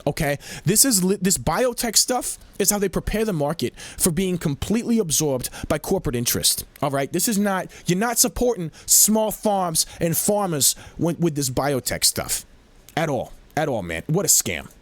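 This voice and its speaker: A fired-up man talks back at video clips, slangy and repeating himself as he gets worked up. His pitch rises and falls widely and sits a little high, and the sound is dry and close with no room echo. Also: very animated, normal speed. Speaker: commentator reacting to clips. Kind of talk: heated casual commentary.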